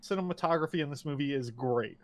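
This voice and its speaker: A man in easygoing movie talk, his voice pitched slightly higher than most. He swears freely and bursts into little acted-out quotes as he tells his stories. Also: quick pace, over a noisy crowd. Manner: profane, animated storytelling with quoted voices. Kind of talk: casual chat about movies.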